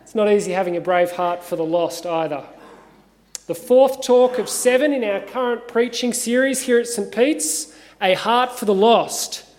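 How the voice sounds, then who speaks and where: A man with an Australian accent, an assistant minister giving a measured, earnest sermon with gentle humour in a cathedral. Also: high-pitched. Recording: long reverb of a cathedral.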